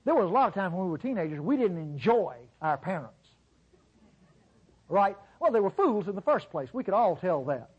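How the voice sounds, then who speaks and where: A man's voice: sits high, sing-song, normal speed, slightly rough, dull audio. A middle-aged man preaching a sermon in a church, emphatic and repetitive, with sarcastic asides.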